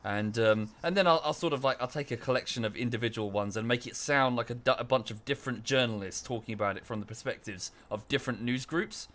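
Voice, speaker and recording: A male streamer talking to his chat in a relaxed, rambling way, full of fillers and restarts. His voice sits at an ordinary male pitch with a bright, sharp edge. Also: quick pace, few pauses. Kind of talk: casual live-stream chat.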